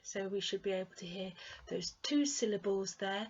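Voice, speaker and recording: Woman, British accent, pronunciation tutor, slow delivery, clearly drawn-out words, patient repetition, slightly muffled recording. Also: medium pitch, animated. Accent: British English. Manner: patient, repeats words for the learner to copy. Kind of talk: pronunciation lesson.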